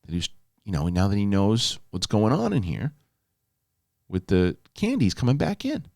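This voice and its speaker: A middle-aged man hosting a casual solo show, telling stories with lively, animated delivery and reading a sponsor spot. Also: on the low side, moderate pace, vocal fry, dry recording, clean studio sound. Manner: animated storytelling, yelling in quoted outbursts. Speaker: host.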